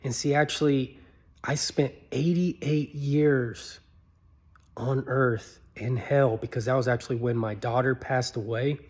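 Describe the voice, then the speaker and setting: A man telling a personal story in an earnest, pleading way, his voice climbing high when he begs. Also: fairly even intonation, measured pace, a little mellow. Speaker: motivational speaker.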